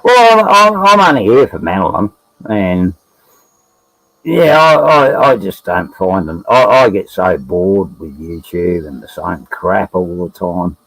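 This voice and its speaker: A man with an Australian accent chatting casually on a livestream, blunt and quick to swear. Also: deep voice, creaky, fairly bright tone, no room sound, rough recording. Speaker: livestream guest. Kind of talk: casual chat.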